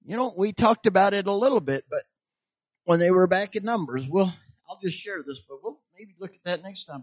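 A man's voice: high-pitched, expressive, fairly quick, dry recording, dull audio. A man preaching a sermon in an emphatic, repetitive way, tossing questions out to his listeners for them to finish.

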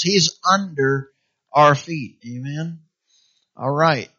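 A man's voice: fairly high pitch, slow, pushed and bright. A man preaching a sermon, urging his listeners on and filling his talk with amens and hallelujahs, often acting out what people might say. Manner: exhorting, calls for "amen" and "hallelujah", acts out quoted voices. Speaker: pastor. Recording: dull lo-fi sound.

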